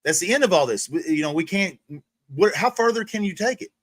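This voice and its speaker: A fired-up man on a livestream, swearing constantly and circling back over his own sentences as he rants. His voice sits a bit high, and the sound is close and dry. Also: expressive, fairly quick, fairly bright tone, dry recording. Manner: profane, heated, repeats himself with restarts. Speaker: livestream host. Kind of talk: ranting casual monologue.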